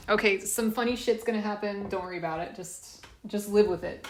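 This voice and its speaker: A woman's voice: medium pitch, a little fast, few pauses, roomy sound, slight background noise. A woman chatting casually on a live stream from a laundry room, a bit congested and sniffly, nervous and self-deprecating.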